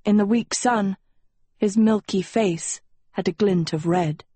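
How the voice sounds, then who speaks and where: A woman reads a fantasy audiobook in a slow, measured storytelling manner. Her voice has a husky texture at a middle pitch. The recording is close and dry. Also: dark tone, no room sound. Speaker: audiobook narrator. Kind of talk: scripted narration.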